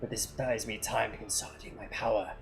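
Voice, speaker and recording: A man's voice: lowish voice, flat delivery, fairly quick, gravelly, over music, pitched below the performer's own voice. A man doing a smug scheming fey lord. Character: scheming young male fey noble, cold and smug.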